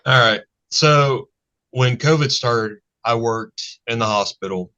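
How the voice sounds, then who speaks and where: A man's voice: mid-range voice, slow, pushed and bright. A man guesting on a casual talk show, telling a story in a blunt, profane, matter-of-fact way. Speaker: guest, online channel host. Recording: dull lo-fi sound.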